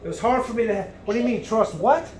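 Male preacher, high voice, loud and emphatic, faint noise in the room. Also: fast talker. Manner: loud, emphatic, swings between booming and hushed. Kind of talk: sermon.

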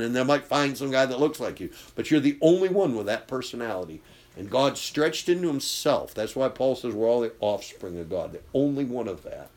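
A man preaching a sermon, impassioned, swinging from loud bursts to hushed intensity. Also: mid-range voice.

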